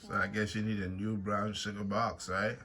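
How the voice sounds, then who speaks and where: A man's voice: lowish voice, flat delivery, normal speed, bright, forceful tone. A man playing a card game with his daughter at home, teasing her and asking playful questions in casual family chat. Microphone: camera on a stand.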